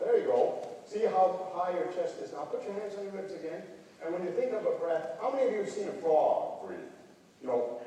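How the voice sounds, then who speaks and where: A man's voice: a little high, mellow, slight background noise. Older man teaching in an echoey hall. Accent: American. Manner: folksy, joking, coaching a group. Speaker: band clinician. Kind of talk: workshop lesson with a volunteer. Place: large hall. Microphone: camera far from the speaker. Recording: echoey hall recorded from far off.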